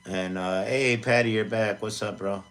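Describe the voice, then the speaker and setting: A man's voice: lowish voice, fairly even intonation, normal speed, fairly bright tone. A man in his forties, a music producer chatting casually on a live stream from his home studio, rambling and self-deprecating with plenty of fillers. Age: 40s. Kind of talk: casual livestream chat.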